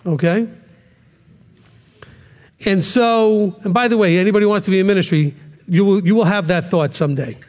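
A man with a high-pitched voice gives a conversational sermon-style lesson to a ministry class. He keeps checking in with the listeners and acts out the voices he quotes. The sound carries a long reverb, like a large hall. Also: normal speed, pauses often, a little mellow, slight background noise.

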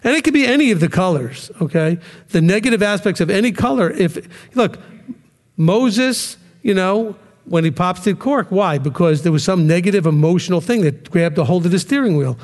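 A man's voice: high-pitched, lively intonation, moderate pace, in a large hall. A man teaching a ministry class in a conversational sermon style, often checking in with "okay?" and acting out quoted voices.

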